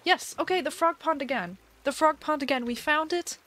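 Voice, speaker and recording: A woman's voice: high-pitched, moderate pace, fairly bright tone. A young woman live-streaming a video game, chatting casually with a giggly, dramatic manner and mock panic.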